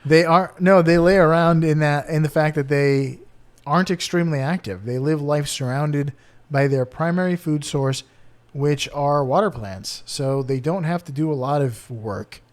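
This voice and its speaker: A slightly higher-voiced man chatting casually on a podcast. He reads out facts in a playful way and jokes between them. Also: normal speed. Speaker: podcast co-host presenting bird facts. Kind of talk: casual chat.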